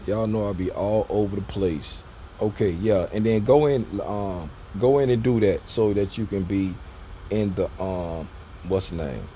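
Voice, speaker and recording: A trading educator with a deep, dark-toned voice gives a casual screen-share lesson at an unhurried pace. He rambles loosely, repeats himself, and addresses viewers directly, with slight background noise behind him.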